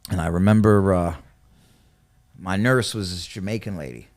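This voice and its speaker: A man from New York telling his story on a podcast, swearing freely and acting out other people's lines with sudden loud jumps. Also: moderate pace. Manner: animated, acts out quotes with sudden loud jumps; swears freely, drops into low mutters. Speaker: podcast guest. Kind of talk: casual storytelling.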